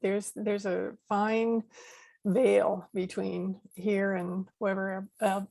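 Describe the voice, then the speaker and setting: Woman, podcast host, gentle, halting, searching for words, dry sound. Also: medium pitch, level tone, gravelly, dry recording. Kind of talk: interview conversation.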